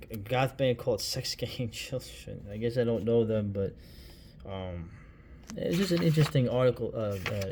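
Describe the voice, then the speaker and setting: A man's voice: lowish voice, darkish tone, slight background noise. A man reviewing a book in a casual vlog, rambling with many fillers, asides and "right?" tags, and now and then swearing or saying "dude".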